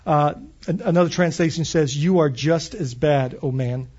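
High-voiced man preaching a sermon. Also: moderate pace, a little mellow, breathy edge, lo-fi sound. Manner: reads scripture aloud, then explains with questions. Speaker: pastor.

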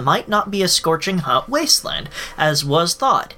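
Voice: mid-range voice, very animated, normal speed, few pauses, bright, forceful tone. A podcast co-host reading science news aloud with casual asides and frequent laughs.

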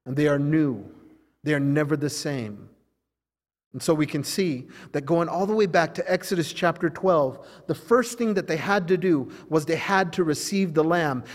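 A man's voice: fairly high pitch, big-room sound. A man preaching a sermon as pastor to a church congregation, emphatic and repetitive, swelling and dropping in intensity. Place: church service.

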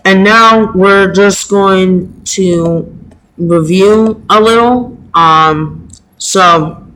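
A man teaching a Latin lesson, speaking haltingly with many pauses and fillers. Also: sits high, bright, forceful tone, poor audio. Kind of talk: slow home-made lesson.

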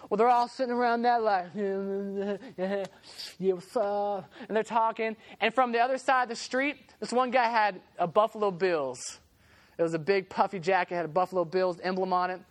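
A man's voice: high voice, fairly quick. A young man preaching to a youth group in a casual storytelling way, laughing often and acting out the people in his story. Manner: animated, laughing, acts out the voices in his story.

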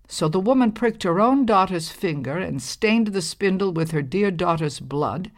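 A woman tells a folktale aloud in a measured, expressive storybook style. Her voice sits on the low side for a woman. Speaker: narrator. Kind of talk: storybook narration.

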